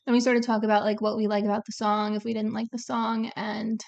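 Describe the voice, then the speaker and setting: A woman co-hosting a casual album review chat, talkative and quick to laugh at herself. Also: fairly high pitch, little pitch movement, creaky, darkish tone, muffled recording. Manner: chatty and giggly, laughs at herself. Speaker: co-host of a music review channel.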